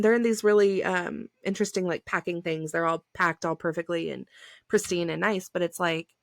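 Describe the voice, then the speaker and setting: A woman's voice: mid-range voice, no room sound, studio quality. A woman in her thirties hosting a solo podcast, talking in a chatty, effusive way, full of "like" fillers and emphatic bursts. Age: 30s. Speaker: podcast host. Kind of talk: casual solo podcast talk.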